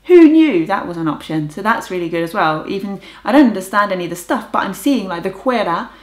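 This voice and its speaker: A woman's voice: medium pitch, animated, a little fast. A young woman chatting casually in a vlog about her language learning, enthusiastic and trying out foreign words aloud. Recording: roomy echo.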